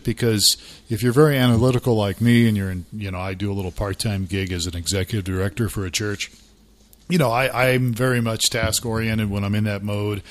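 A middle-aged man co-hosting a casual podcast about church life, chatty and self-deprecating. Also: on the low side. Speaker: podcast co-host.

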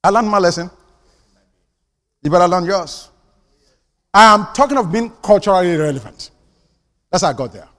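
An older man preaching a sermon, telling stories and swinging from hushed asides to loud punchlines. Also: high-pitched, expressive, moderate pace, pauses often. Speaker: pastor. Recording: long hall reverb.

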